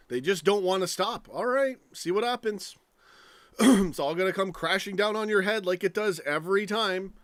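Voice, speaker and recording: A man's voice: high-pitched, fairly bright tone, no room sound. A man hosting a live stream, ranting angrily with lots of swearing and rambling stories. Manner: angry, profane, rambling rant.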